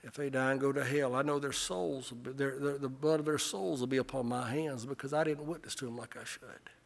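A middle-aged man preaching a sermon, impassioned, swelling to loud peaks and often repeating his words. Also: medium pitch, fairly even intonation, brisk, creaky. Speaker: pastor.

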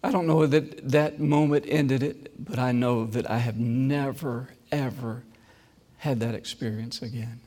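A man's voice: mid-range voice, fairly even intonation. Preacher man in a reverberant hall. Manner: dramatic swings from loud emphasis to hushed near-whisper; slow, deliberate, repeated phrases. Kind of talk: sermon with personal testimony.

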